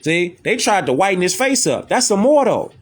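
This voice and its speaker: A man's voice: high-pitched, big pitch swings, moderate pace, husky. A man hosting, giving emphatic commentary over images and clips, repeating himself to drive points home. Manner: insistent, repetitive, keeps asking "see that?".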